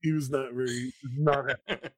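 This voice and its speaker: A man who is a father hosts a casual livestream chat, talking in an animated, self-deprecating way. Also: mid-range voice, normal speed, no room sound. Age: young adult to middle-aged, a father. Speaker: host.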